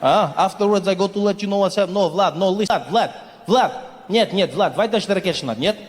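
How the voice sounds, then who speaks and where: A man's voice: sits high, close to an everyday voice. Man doing a shady Russian man on the phone. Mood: brusque. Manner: rapid mock-Russian phone chatter. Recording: echoey live hall.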